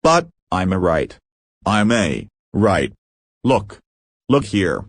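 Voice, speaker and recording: A man's voice: low-pitched, sing-song, takes it slowly, no echo, clean studio sound, exaggerated voice. A man voicing a wounded male prisoner who poses as a clergyman, injured and breathing heavily, speaking in gasping, broken phrases. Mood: urgent, pained.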